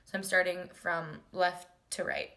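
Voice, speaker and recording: A young woman recounts a personal story straight to the camera, casual and chatty, with constant "like"s and bits of re-enacted dialogue. Her voice is bright and clear, sitting a little low for a woman. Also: fairly even intonation, measured pace. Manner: chatty, many "like"s, acts out quoted dialogue.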